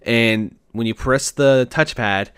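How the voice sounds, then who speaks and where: A man's voice: medium pitch, slow, fairly bright tone, clear, resonant tone, no room sound, studio quality. A man hosting a podcast in casual chat, talking enthusiastically in a rambling, slangy way.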